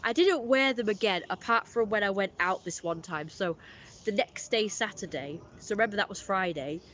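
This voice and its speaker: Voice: medium pitch, normal speed, sharp tone. A streamer, rambling through a casual live-stream story with lots of fillers.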